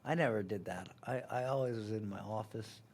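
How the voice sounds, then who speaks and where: A man in his thirties hosting a reaction breakdown of a sales pitch, full of sarcastic asides and laughter. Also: a little fast, a little mellow. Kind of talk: reaction commentary.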